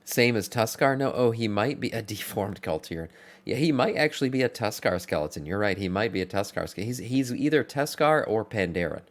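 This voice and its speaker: A man's voice: fairly low pitch, expressive, brisk. A man streamer giving loose, blunt commentary as he reacts to a video, swearing freely.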